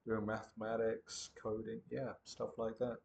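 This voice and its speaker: A man's voice: on the low side, monotone, unhurried, vocal fry, a little mellow, a little hiss or hum. A man chatting casually with an AI tutor, playful and a bit hesitant, often joking around. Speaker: English teacher trying out an AI tutor. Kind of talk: casual chat.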